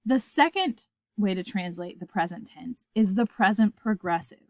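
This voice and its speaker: Clear, deliberate woman teaching Latin. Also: medium pitch, expressive, no room sound. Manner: clear, deliberate, recites forms aloud for listeners to repeat. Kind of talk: scripted lesson narration.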